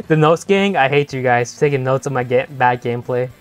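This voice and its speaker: A young-adult game streamer chatting playfully with viewers during a live session, laughing often and teasing the chat. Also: mid-range voice.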